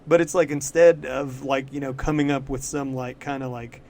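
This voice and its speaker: A man co-hosting a podcast, chatting casually about comics in a loose, profane way, full of "like" fillers and quick laughs. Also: medium pitch, level tone, a little mellow, a little hiss or hum. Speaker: podcast co-host. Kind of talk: casual comic-book chat.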